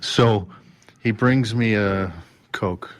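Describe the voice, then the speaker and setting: A man as a podcast guest, telling a story with lively restarts and acting out voices and sounds. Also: on the low side, very slow. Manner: animated, acts out quotes and sounds, many restarts. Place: drum showroom.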